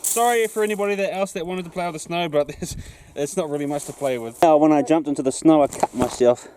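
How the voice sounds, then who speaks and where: A man's voice: on the high side, fast, low-quality recording. A young man, chatting casually while hiking in the mountains and filming on a camera. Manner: relaxed, chatty, laughs easily. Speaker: hiker filming a vlog. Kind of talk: casual outdoor vlog narration. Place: mountain tops outdoors. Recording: outdoor recording with wind noise.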